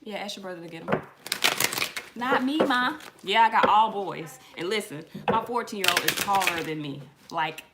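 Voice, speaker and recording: A middle-aged woman doing a casual tarot reading, telling lively stories in slang and swearing as she talks to her viewers. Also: on the low side, a little fast, few pauses, very noisy. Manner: animated storytelling, slangy, swears, addresses viewers as y'all. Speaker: tarot reader.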